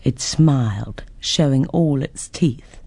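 A woman reading a children's story aloud, her low, husky voice rising and falling expressively. The recording is dry and close. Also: takes it slowly, dark tone, dry recording.

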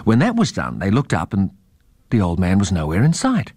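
Man, storyteller, low voice, animated delivery, dry close sound. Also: breathy edge, no echo. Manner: expressive, measured reading. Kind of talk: children's story reading.

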